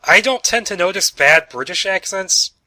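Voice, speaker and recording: A man's voice: sits high, lively intonation, moderate pace, pushed and bright, no echo, rough recording. A man living in the American South, co-hosting a podcast in casual chat, laughing often and trailing off. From southern United States. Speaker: podcast co-host.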